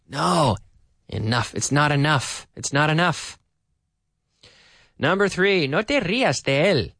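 A man teaching an English lesson, repeating phrases slowly and then explaining them. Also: a little high, animated, a bit bright.

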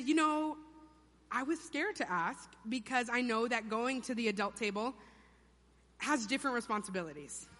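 A young woman preaches with a high, bright voice, chatty and playful, slipping into funny voices for quotes. Her words ring out with a long reverb from the church hall. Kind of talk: sermon. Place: church sanctuary.

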